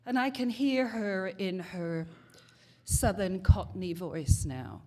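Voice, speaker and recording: A woman in her sixties from England, giving a homily as a congregation member, telling a personal story in a slow, measured way. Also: mid-range voice, darkish tone. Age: 60s.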